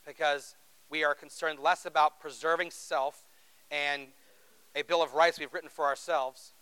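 A man's voice: on the high side, steady tone, moderate pace, bright, forceful tone, smooth, rough recording. A man preaching a sermon in an earnest, conversational way, asking the congregation rhetorical questions. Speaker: pastor.

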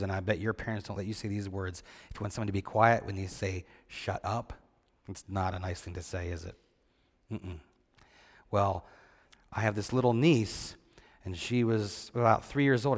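A man, a pastor, reads a scripture passage and then gives a children's sermon. He asks the kids questions and answers them himself, and he slows down on the key points. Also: on the low side, long reverb tail. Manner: slow and deliberate on key points.

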